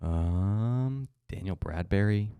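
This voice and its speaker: A man's voice: on the low side, slow pace, vocal fry, dark tone, clear, resonant tone, dry recording. A young man co-hosting a casual podcast, enthusiastic and swearing freely. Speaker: podcast co-host. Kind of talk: casual chat.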